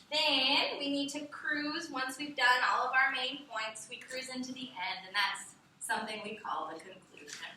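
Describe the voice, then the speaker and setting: Woman teacher, bright tone, quizzes the class, echoey room from far off. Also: sits high, slight background noise. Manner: lively, asks the class questions. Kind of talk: classroom lecture.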